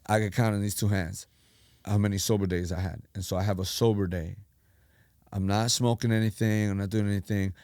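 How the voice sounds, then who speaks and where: Animated storytelling man, dry sound. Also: fairly low pitch, a little fast, no room sound. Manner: animated storyteller who acts out quotes. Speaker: pastor, podcast guest. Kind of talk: telling his life story.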